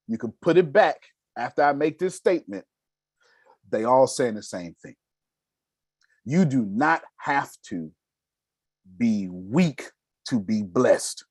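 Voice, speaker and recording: Brief: raspy male business mentor, emphatic and slangy, husky, dry close sound. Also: medium pitch, expressive, takes it slowly, long pauses, no echo. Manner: emphatic, rhetorical questions, casual slang. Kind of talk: motivational teaching.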